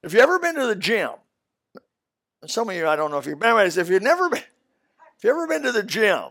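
An older man, pitched a little high, preaching a sermon. He tells stories and jumps from loud shouts to near-whispered asides. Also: very animated, fast, gravelly. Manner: storytelling with loud bursts and sudden soft asides.

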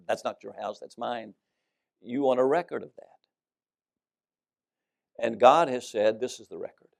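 A man preaching a sermon, swinging between loud emphasis and soft drops. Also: medium pitch, vocal fry.

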